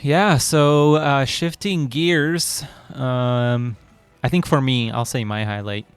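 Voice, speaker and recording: A man hosting a live esports cast in a relaxed, chatty way, laughing easily with his co-casters. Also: mid-range voice, slow, clear, resonant tone, soft background music. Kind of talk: casual live-stream casting chat.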